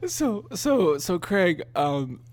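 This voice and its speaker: A young man with a high voice tells a story on his podcast in a loose, casual way. He keeps breaking into laughter and drops curse words freely, with the energy of someone amused by his own tale. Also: drawn-out words, dry recording. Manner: laughing, swearing, animated. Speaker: podcast host.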